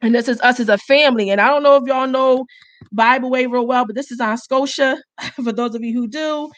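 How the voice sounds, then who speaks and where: A young woman casually hosting a livestream, chatty and spiritual, pausing with sighs as she talks. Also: high-pitched, rough recording. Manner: chatty, spiritual, gets emotional with sighs and pauses. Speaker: livestream host, herbal brand founder.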